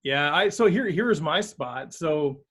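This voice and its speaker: Man on a video call, slightly higher voice, talks through a poker hand step by step. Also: expressive, a little slow, fairly bright tone, breathy edge. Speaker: poker group member. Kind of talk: casual chat on a video call.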